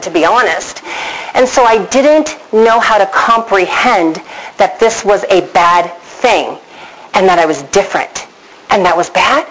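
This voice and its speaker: Woman speaker, middle-aged, mid-pitched voice, personal storytelling talk, animated, asks the audience questions. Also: measured pace, rough recording.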